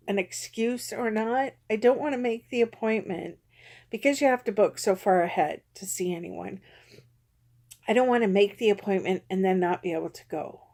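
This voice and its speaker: Woman vlogger, soft dark tone, candid confessional rambling, self-critical. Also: mid-range voice.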